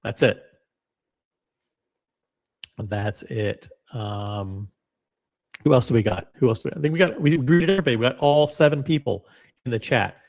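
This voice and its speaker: A man's voice: medium pitch, expressive, fairly quick, darkish tone. A man hosting a live commentary stream, reading out chat with dry, sarcastic, rambling asides. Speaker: livestream commentary host.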